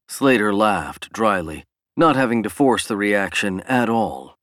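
A man narrating a novel as an audiobook in an even, measured reading. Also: on the low side, dry recording, clean studio sound.

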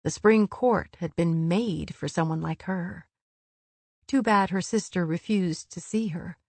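A woman reads a novel aloud in a calm, measured way. Her voice is lowish and her pace slow, and the recording is close and dry with no room sound. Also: dry recording. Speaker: audiobook narrator. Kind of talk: scripted narration.

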